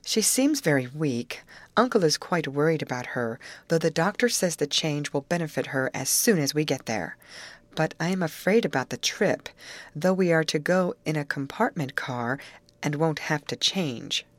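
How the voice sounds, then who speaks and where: A woman reading an audiobook, voicing a worried teenage girl who talks softly and earnestly. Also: low-pitched, animated, moderate pace, dry recording.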